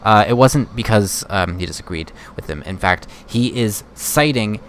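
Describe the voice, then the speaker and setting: A man streaming casual political commentary, rambling and halting with many fillers. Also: fairly low pitch, lively intonation, a little hiss or hum. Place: home streaming setup.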